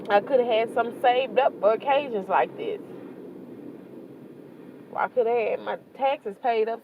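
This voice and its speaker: A woman's voice: medium pitch, narrow, tinny audio. Tearful woman vlogger, emotional venting, heavy background noise. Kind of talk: casual vlog monologue.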